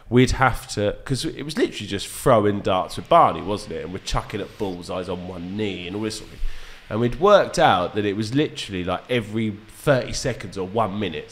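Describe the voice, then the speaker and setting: A man, a dart reviewer guest, chatting casually on a podcast and telling animated stories with frequent laughs and fillers. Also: medium pitch. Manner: animated storyteller, laughs often, lots of fillers.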